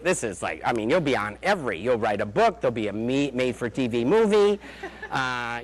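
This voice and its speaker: A man's voice: medium pitch, fairly bright tone. A man, a family therapist, giving a parenting talk with stories, chatty and sarcastic, full of "like" and "um" fillers. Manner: chatty storytelling, frequent "like" and "um" fillers; dry, sarcastic humor. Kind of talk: lecture with anecdotes.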